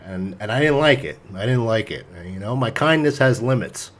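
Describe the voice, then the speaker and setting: Profane, animated man telling a story. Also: mid-range voice, normal speed. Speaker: podcast host. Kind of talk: casual storytelling chat.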